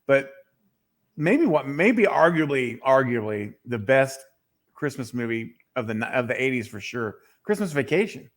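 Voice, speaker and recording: A middle-aged man and father in a casual panel chat, earnest and measured. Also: mid-range voice, very animated.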